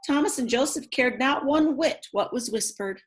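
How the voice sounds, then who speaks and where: A woman's voice: high voice, normal speed. A woman reading a picture book aloud, breaking off for chatty asides to her young listeners. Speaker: read-aloud storyteller.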